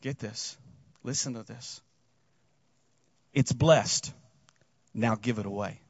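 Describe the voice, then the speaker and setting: A calm, solemn teacher speaks in a low, hushed voice, put on by a man preaching a sermon. The recording is dull and dry. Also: slow, slightly rough, no echo. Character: Jesus, a calm, quiet, solemn male teacher.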